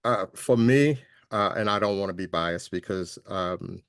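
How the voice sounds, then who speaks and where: A man hosting an interview, speaking in a halting, hesitant way with many pauses and restarts. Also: deep voice, fairly bright tone, clean tone, dry recording, studio quality. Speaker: host. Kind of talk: casual interview conversation.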